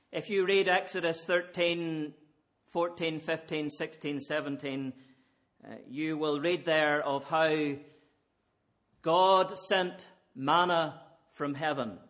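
A man's voice: fairly high pitch, a bit bright. A man preaching an evening sermon, earnest and emphatic, pressing his listeners with repeated rhetorical questions.

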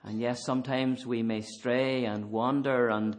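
Slow, fervent preacher. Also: male voice, medium pitch, fairly even intonation. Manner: rises to fervent emphasis, then drops to quiet intensity. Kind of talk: sermon. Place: church.

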